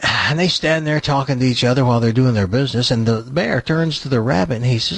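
A man's voice: medium pitch, fast talker, creaky, hardly any pauses, slightly rough, dry recording. A man hosting a radio show, chatting casually and telling a folksy joke with easy laughs.

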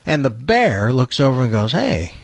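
Guy on morning radio telling a joke, husky-ish, very dry close mic, swoops around a lot. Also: mid-range voice, animated, moderate pace, no room sound. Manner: chatty, laughs easily, folksy storyteller. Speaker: radio show host.

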